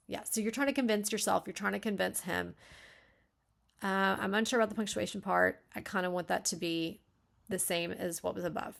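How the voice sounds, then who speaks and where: Gravelly-voiced woman critiquing a manuscript. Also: mid-range voice, fairly even intonation, a little fast, a bit bright. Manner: thinks aloud, stopping and restarting; acts out lines to show emphasis. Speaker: beta reader giving feedback.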